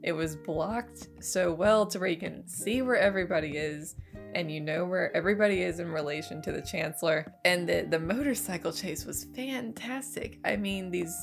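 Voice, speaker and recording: Reaction host, young adult woman, sick with a cold: scratchy and stuffy, lowish pitch, chatty and excited. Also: moderate pace, creaky, soft background music. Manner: enthusiastic, gushing, laughs often. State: hoarse from a cold, a bit stuffy. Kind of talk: casual spoken movie review.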